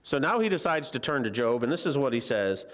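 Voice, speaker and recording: Here a male preacher speaks a little fast, sing-song and fairly bright at medium pitch. His Bible lesson in the church sanctuary is a conversational sermon, chatty and joking, with frequent questions for the congregation.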